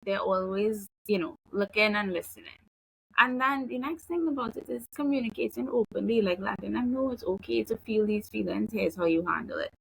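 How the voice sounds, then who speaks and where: A woman in her thirties, a behavioral analyst, giving parenting advice in a relaxed, chatty way and acting out example phrases. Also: medium pitch, brisk, creaky, breathy edge, dry recording, low-quality recording. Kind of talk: casual advice conversation.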